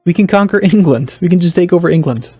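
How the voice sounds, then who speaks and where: A man talks through a strategy game for his channel, reasoning aloud, stumbling over restarts, then perking up. His voice sits a little high, and the recording is dry and close. Soft game music plays underneath. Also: fast, breathy edge, dry recording. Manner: thinking aloud, hesitant restarts, bursts of excitement. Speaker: let's play host. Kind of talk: casual gameplay commentary.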